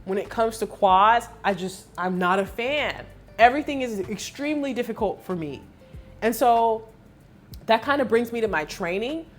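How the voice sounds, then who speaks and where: A woman fitness coach giving a candid vlog recap, telling her story in an emotional, expressive way with lots of fillers. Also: fairly high pitch, normal speed, faint music behind.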